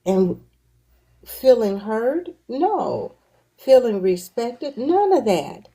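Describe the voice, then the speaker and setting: A woman hosting a talk show, telling her own stories in a slow, reflective way. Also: on the high side, big pitch swings, mellow, low-quality recording. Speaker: host. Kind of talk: casual conversation.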